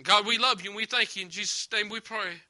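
A man's voice: high voice, fairly even intonation, fast talker, pushed and bright. A man preaching and then praying in church, pleading and earnest, asking for tears over the lost. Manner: pleading, tearful fervent prayer. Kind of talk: emotional church prayer.

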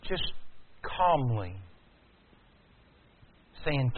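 Male preacher, mid-pitched, builds from hushed to loud emphasis; thin, narrow sound. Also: expressive, normal speed, a little hiss or hum. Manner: swings from quiet to loud, rising emphatic. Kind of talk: sermon. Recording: tinny phone-like sound.

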